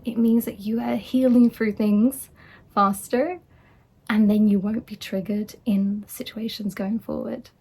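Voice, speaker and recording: Woman life coach, husky tone, middle pitch, earnest and encouraging. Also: steady tone, unhurried, darkish tone. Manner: earnest, reassuring, acts out quoted voices. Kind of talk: casual motivational talk.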